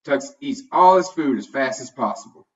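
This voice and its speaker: Guy reading a kids storybook, middle pitch, sounds far and kinda muffled. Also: expressive, moderate pace. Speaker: storybook reader. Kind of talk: children's storybook narration. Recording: dull, distant home recording.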